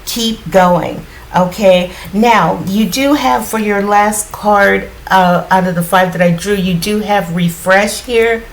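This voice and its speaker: A woman giving a casual spiritual card reading in a groggy morning voice, often clearing her throat and rambling reassuringly with lots of fillers. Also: medium pitch, measured pace, hardly any pauses, a little hiss or hum, poor audio. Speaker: tarot card reader.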